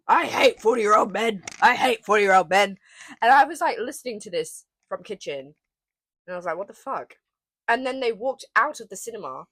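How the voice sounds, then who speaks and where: A woman's voice: medium pitch, no echo. A young woman with an Australian accent, co-hosting a casual podcast and telling stories with swearing and laughs. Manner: animated storytelling with laughs and swearing. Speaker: podcast co-host. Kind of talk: casual chat.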